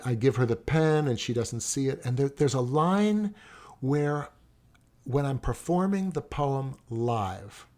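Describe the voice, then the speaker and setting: Man, middle-aged, gravelly voice, average pitch, rambling anecdotes, casual interview guest. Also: a little mellow. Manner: rambling storyteller, frequent restarts. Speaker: guest poet and teacher.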